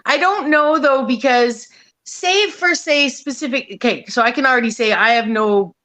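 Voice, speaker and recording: A woman's voice: high voice, normal speed, sharp tone, no echo, low-quality recording. Woman in casual online panel chat, rambling, lots of fillers, swears freely, dry close sound.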